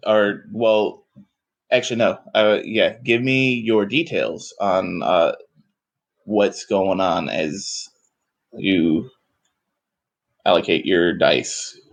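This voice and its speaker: A man's voice: sits low, takes it slowly, creaky, pauses often. A man running a tabletop game as game master, laid-back and joking with his players. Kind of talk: casual tabletop game play.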